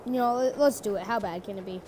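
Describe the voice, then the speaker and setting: A woman giving casual, playful commentary on her own gameplay, chatting to the animals in the game and jumping between loud bursts and quiet mutters. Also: mid-range voice, fast talker. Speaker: gamer. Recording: loud background noise.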